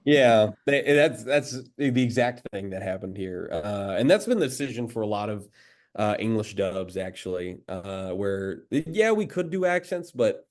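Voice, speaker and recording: A man's voice: fairly low pitch, unhurried. A voice actor from the United States, a man, chatting in an interview with many fillers and restarts. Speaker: voice actor guest. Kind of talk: casual interview chat.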